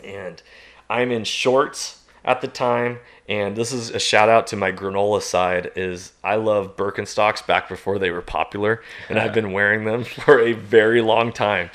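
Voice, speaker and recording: Animated man telling a hunting story. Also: a little slow. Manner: lively, laughing, jumps into loud high shouts when acting out the story. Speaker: podcast guest.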